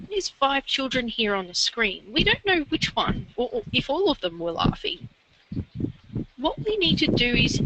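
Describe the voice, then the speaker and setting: In a one-on-one literacy lesson, a woman with a high-sitting voice tutors a learner, walking through grammar step by step and offering encouragement. Background noise can be heard.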